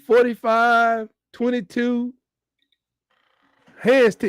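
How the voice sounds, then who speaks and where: A man giving live, excitable reaction commentary on a football game, swinging between shouts and mutters. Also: sits high, moderate pace, long pauses, dry recording, studio quality. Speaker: fan watch-along host.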